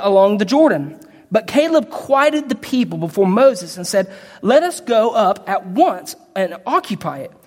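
A man preaching a sermon, reading scripture and explaining it in an emphatic, conversational way. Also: high-pitched. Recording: long reverb of a large hall.

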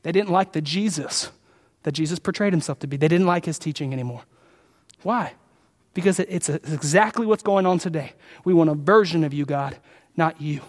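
A man preaching a sermon as pastor, impassioned, rising to loud peaks and dropping to quiet pleas. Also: fairly high pitch, fairly quick. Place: large church sanctuary. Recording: long hall reverb.

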